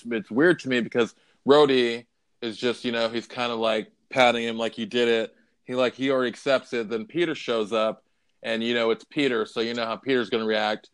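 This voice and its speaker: Smooth-voiced man, swearing, emotional. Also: mid-range voice, a bit bright. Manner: emotional, swears freely, retells scenes with quoted lines. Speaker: podcast co-host. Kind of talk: casual chat.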